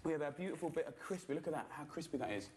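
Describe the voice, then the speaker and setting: A man's voice: a little high, expressive, very fast, noisy background. Chatty man cooking. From England. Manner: chatty, loose, full of fillers. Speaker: cooking show host. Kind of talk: casual cooking demonstration.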